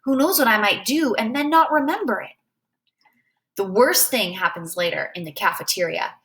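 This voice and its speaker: A woman reading a novel aloud as a first-person storyteller, in an expressive way. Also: a little high, moderate pace. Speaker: reader.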